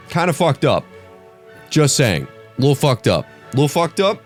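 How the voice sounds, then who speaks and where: A young man mock-grading an essay in a profane, theatrical comedic rant, his voice jumping very high when excited. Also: measured pace, faint music behind. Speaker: comedy YouTuber.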